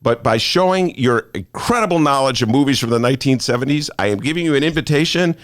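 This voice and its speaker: A man's voice: medium pitch, lively intonation, fast talker, no room sound. A man hosting a talk show in a studio, joking and self-mocking in a playful monologue. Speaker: host.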